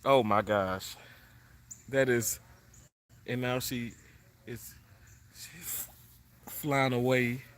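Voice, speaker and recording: A man's voice: mid-range voice, drawn-out words, long pauses, fairly bright tone. A man chatting loosely with viewers during a livestream from his condo, rambling with many fillers. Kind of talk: casual live chat. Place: indoors in a condominium.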